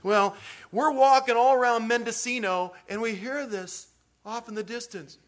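A man's voice: very high-pitched, moderate pace. A man preaching a sermon in a folksy, rambling way, full of restarts and stories. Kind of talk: storytelling sermon.

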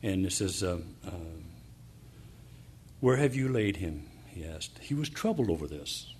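A man preaching a sermon, reading verses and explaining them, pausing often with fillers and restarts, then building up to fervent emphasis. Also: deep voice, big pitch swings, a little mellow, slight background noise.

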